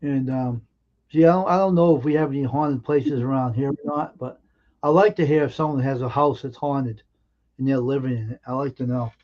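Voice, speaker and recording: A man with a dark, mellow voice tells stories on a live stream, earnest and emphatic, often pausing and restarting his sentences. The audio is dull and lo-fi. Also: mid-range voice, fairly even intonation. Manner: earnest, emphatic anecdote-telling with halting restarts. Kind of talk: casual storytelling on a live stream.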